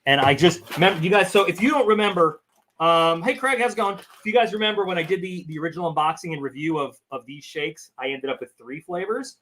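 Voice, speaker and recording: Male streamer host, slightly high voice, casual rambling chat, desk mic. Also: fast, pushed and bright, slight background noise. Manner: chatty, rambling, talks to his cat. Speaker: channel host.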